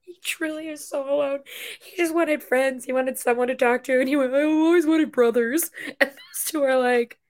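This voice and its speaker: A young woman co-hosting a casual chat, animated and laughing often as she tells stories. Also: high voice, normal speed. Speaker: podcast co-host.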